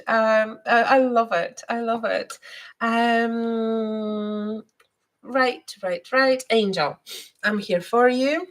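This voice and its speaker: A woman hosting a live stream and giving spiritual readings, talking gently with many hesitations and repeated words. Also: a little high, fairly even intonation, drawn-out words. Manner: soft and gentle, guiding breathing.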